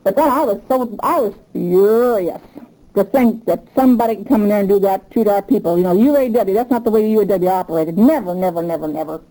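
A woman's voice: mid-range voice, fairly quick, dark tone, rough recording. An older woman, a union member, telling her story in an oral history interview, emphatic and repetitive, getting revved up as she talks.

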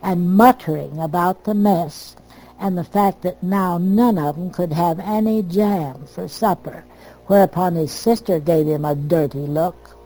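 Older woman telling family stories, mellow. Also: on the low side, rough recording. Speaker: storyteller. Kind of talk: oral history reminiscence.

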